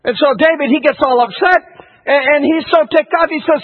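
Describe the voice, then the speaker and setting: A man's voice: extremely high pitch, brisk, narrow, tinny audio. A man preaching a sermon in an emphatic, folksy style, telling the story with lots of energy.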